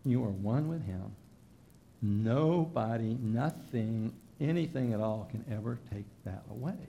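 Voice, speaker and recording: Gravelly emphatic male preacher. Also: mid-range voice, lively intonation, a little slow, a little hiss or hum. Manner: emphatic preaching that rises loud then drops soft. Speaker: pastor. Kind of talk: sermon.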